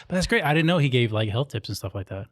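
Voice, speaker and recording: A playful man hosting a studio chat show, quizzing his guest with jokey questions. His pitch jumps around in a lively, animated way. The sound is dry and close. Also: no room sound. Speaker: host. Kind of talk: casual interview chat.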